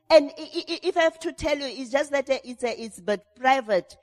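A middle-aged woman preaches with a high voice and fervent conviction. She stumbles over fillers and repeats words, then presses forward into shouted prayer. Her voice rings with a long reverb in a hall. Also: expressive, fairly quick, hardly any pauses. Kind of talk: sermon.

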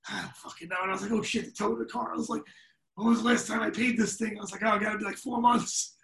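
High-voiced new guy cussing and laughing thru his stories, kinda far off in an echoey room. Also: very fast. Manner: profane, laughing, animated storyteller. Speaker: podcast guest. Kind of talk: casual storytelling. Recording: echoey room, set back from the mic.

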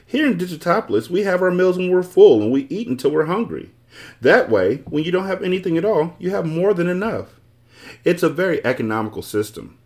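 A man's voice: high voice, very animated, a little fast, a little mellow, pitched above the performer's own voice. A man doing a lofty, fussy number wizard. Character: fussy, self-assured male wizard of numbers.

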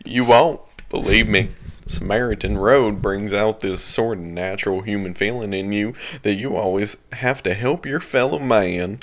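A man's voice: on the low side, normal speed, a little hiss or hum. A man reading a creepy story aloud to friends in a casual chat, often breaking into laughter as he reads. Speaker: story reader among friends.

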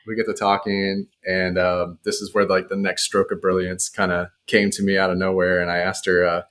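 Deep-voiced young man telling a story. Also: completely flat delivery, moderate pace, a bit bright. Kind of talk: casual storytelling.

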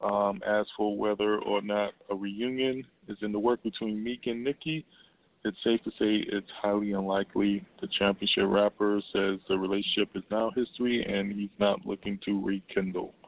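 A man's voice: on the low side, fairly even intonation, normal speed. A man co-hosting a radio show, chatting casually about celebrity gossip, laughing often and reading quotes in a mocking voice. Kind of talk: casual entertainment gossip chat. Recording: dry, phone-like line.

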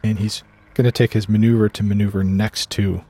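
Gravelly man playing a tabletop game. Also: fairly low pitch, level tone, fairly quick, mellow. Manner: casual, describing actions. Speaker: player.

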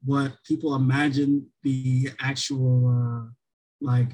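Husky-voiced man, co-host, casual and rambling, heavy on fillers. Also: medium pitch, flat delivery, slow pace, a little mellow, low-quality recording. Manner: rambling, many restarts and fillers. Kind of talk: casual chat.

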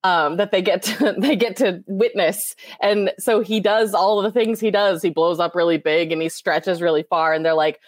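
A woman voice actor chatting casually on a convention panel, a giggly and animated storyteller. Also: fairly low pitch, normal speed, few pauses, no echo, clean studio sound.

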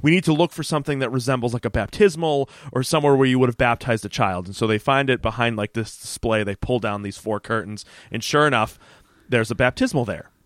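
A man at a middle pitch casually walks through a TV episode's plot, slipping into quoted lines as he goes. His voice is close and dry, with no room sound around it. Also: fast, dry recording. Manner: animated retelling with quoted voices and laughs. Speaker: podcast co-host. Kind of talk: casual chat recapping a TV episode.

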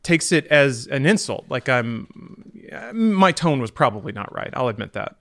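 A man's voice: medium pitch, big pitch swings, a little slow, fairly bright tone, dry recording. Rambling man, dry close sound. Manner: rambling and self-deprecating, lots of fillers. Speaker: podcast co-host. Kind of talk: casual chat, storytelling.

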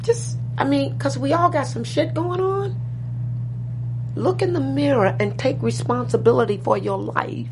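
A woman guest telling stories in conversation, profane and animated, dropping to low murmurs and rising to loud exclaims. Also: a little slow, noisy background. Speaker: interview guest. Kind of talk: storytelling in conversation.

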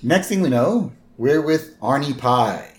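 A man's voice: medium pitch, lively intonation, a little slow. A man co-hosting a podcast, casually retelling a cartoon episode scene by scene and tossing in quoted lines. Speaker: podcast co-host.

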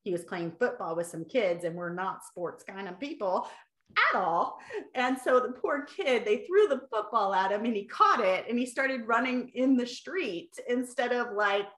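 A middle-aged woman speaking as a guest in an interview, animated and lively as she tells stories. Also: on the high side, normal speed. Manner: animated, acts out quotes. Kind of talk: podcast interview conversation. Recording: roomy echo.

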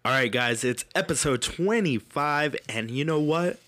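A man's voice: on the high side, animated, a little slow, music in the background. A man hosting a casual podcast with friends, loose and joking, swearing freely. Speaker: podcast host.

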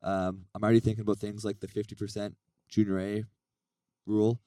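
A man with a raspy voice co-hosting a casual podcast, rambling earnestly about running his league. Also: on the low side, flat delivery, a little fast, mellow, no echo. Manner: rambling, self-deprecating, earnest. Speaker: podcast co-host and league organizer.

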